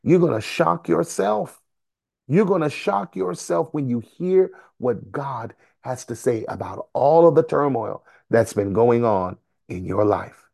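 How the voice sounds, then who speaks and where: A man preaching a fervent sermon to listeners on a conference call, repeating phrases and breaking into sudden shouts. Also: medium pitch, expressive, unhurried, vocal fry, no room sound, studio quality.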